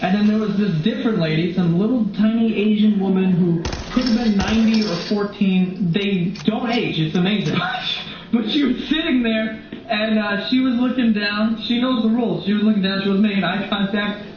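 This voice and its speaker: A young man and comedian vlogger telling crude, animated stories full of swearing. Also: high-pitched, moderate pace. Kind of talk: comedic storytelling. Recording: very echoey dull recording with noise.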